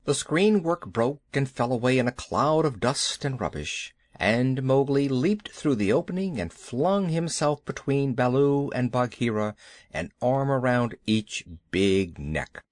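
Unhurried, expressive storybook narrator, man. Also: mid-range voice, no echo, studio quality. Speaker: audiobook narrator.

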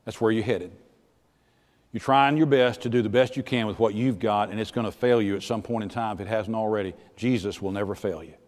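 Folksy pastor preaching. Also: male voice, lowish voice, brisk. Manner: folksy, plainspoken, earnest, swings from soft to loud. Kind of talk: sermon. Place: church sanctuary. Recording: church sanctuary with long reverb.

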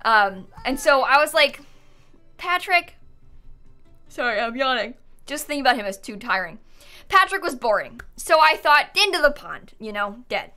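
This young streamer speaks at normal speed in a fairly high, sharp voice with big swings in pitch. Playing a life-sim game, she chats playfully, laughs often and tells off her characters, with game music faintly audible.

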